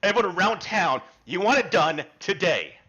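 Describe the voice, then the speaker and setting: A man's voice: sits high, big pitch swings, normal speed, bright, forceful tone, dull audio, full character voice. A man voicing a rude male village blacksmith who talks bluntly and curtly, grumbling at customers. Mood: gruff.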